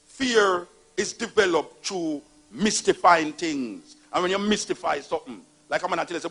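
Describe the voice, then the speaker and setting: A man's voice: sits high, normal speed, few pauses, husky. A man with a Jamaican accent giving an emphatic, mocking storytelling monologue about religion. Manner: emphatic, animated, mocking retellings. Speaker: speaker on religion.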